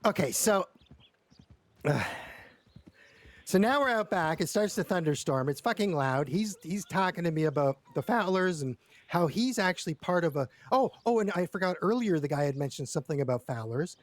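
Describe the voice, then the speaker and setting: A man's voice: fairly high pitch, lively intonation, moderate pace. A man telling a long story in character during a roleplay session, rambling and stammering with lots of repeated words and casual swearing.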